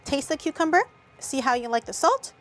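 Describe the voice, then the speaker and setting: A woman's voice: sits high, lively intonation, fairly quick, fairly bright tone. Chatty woman explaining a recipe. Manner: chatty, casual, with crude jokes. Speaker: vtuber cooking host. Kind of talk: casual cooking tutorial.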